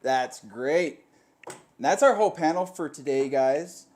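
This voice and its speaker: A man's voice: fairly high pitch, a little slow, a little mellow. A man hosting a panel web show with upbeat show-host patter.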